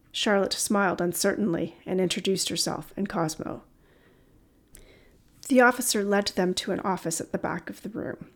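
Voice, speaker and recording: Audiobook narrator, female, mid pitch, gravelly edge; steady, expressive read. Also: moderate pace. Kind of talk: scripted story narration.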